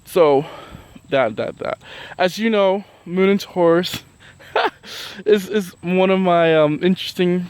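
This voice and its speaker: A man's voice: high-pitched, slow pace, a little mellow, clean tone. A man chatting casually about astrology in a vlog, rambling with lots of fillers and restarts and often breaking into laughter between points. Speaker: vlogger.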